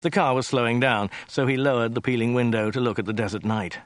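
A man's voice: medium pitch, steady tone, quick pace, no echo. A man narrating an audiobook in a dry, wry storytelling manner. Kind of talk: scripted narration.

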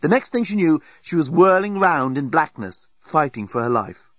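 A man narrating a storybook in an expressive, animated reading. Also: on the high side, normal speed, dry recording. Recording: dull lo-fi dry recording.

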